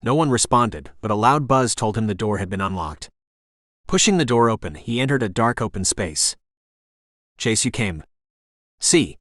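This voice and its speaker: Low-voiced male audiobook narrator. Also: expressive, a little fast, a bit bright, no room sound, studio quality. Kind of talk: scripted narration.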